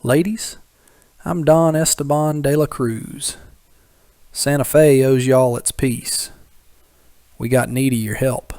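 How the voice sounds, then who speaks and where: A man voicing a crafty, smooth-talking middle-aged merchant in an audiobook, polite and persuasive. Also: medium pitch, steady tone, slow, pauses often, darkish tone, dry recording, clean studio sound. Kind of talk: audiobook character voice.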